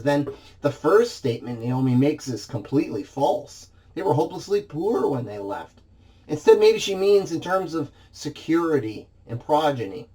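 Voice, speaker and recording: A man's voice: medium pitch, animated, normal speed, dark tone. A man preaching a sermon in church, reading scripture expressively and dramatizing the quoted lines.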